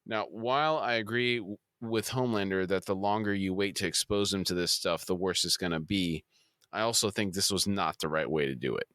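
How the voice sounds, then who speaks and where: A man's voice: low-pitched, a little fast, fairly bright tone, no echo, clean studio sound. A man co-hosting a podcast, recapping a TV episode scene by scene and then adding his own comments. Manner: reads out plot beats, then comments. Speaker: podcast co-host. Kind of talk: episode recap with casual discussion.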